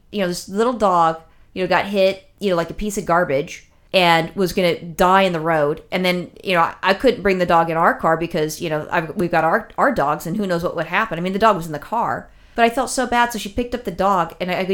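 A woman's voice: fairly low pitch, fairly quick. A woman telling a long personal story in casual chat, rambling with many fillers and restarts, emotional as she recounts it.

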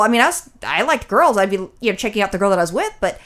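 A woman's voice: medium pitch, big pitch swings, very fast, fairly bright tone. A middle-aged woman, chatty and profane, telling stories in a casual chat as a podcast host. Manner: chatty, profane storytelling with mimicry.

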